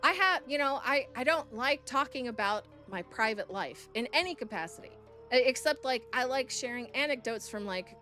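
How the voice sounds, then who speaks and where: Woman streamer ranting to chat, swears a lot, bright punchy voice, bit high. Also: animated, moderate pace, faint music behind. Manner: blunt and profane, heated when ranting. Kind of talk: casual storytelling to chat.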